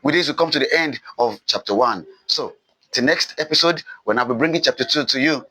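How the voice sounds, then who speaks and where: A man's voice: mid-range voice, fairly quick, bright, forceful tone, slightly rough, no room sound, poor audio. A man teaching a recorded literature lesson, repeating key points with emphasis and answering his own questions. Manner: repetitive, emphatic, asks questions and answers them himself.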